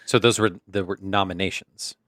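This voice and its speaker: A man's voice: low voice, steady tone, normal speed, fairly bright tone, dry recording, clean studio sound. A young man co-hosting a podcast, joking around playfully in casual chat. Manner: jokey, playful, laughs often. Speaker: podcast co-host.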